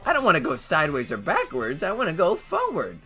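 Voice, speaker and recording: Man doing a mischievous robot bear in a game, smug, sing-song sarcasm, big swoops in pitch, faint game music behind. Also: huge pitch swings, brisk, bright, forceful tone, heavily acted. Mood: mocking.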